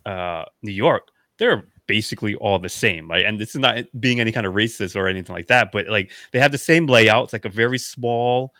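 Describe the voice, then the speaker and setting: A man co-hosting a podcast, telling stories in animated casual chat and filling his speech with "like". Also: lowish voice, a little fast, few pauses, dry recording. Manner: animated storyteller, lots of "like". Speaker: podcast co-host.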